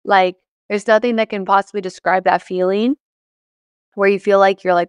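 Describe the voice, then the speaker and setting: A woman's voice: mid-range voice, steady tone, moderate pace, clean tone, no echo. A woman hosting a podcast as a coach, talking in casual, emphatic, encouraging chat, saying "like" often and swearing casually.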